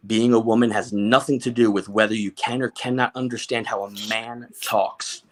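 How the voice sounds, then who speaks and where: A man on a podcast tells a personal story emotionally and emphatically, often restarting and repeating words. His voice is mid-range and steady, at normal speed with few pauses.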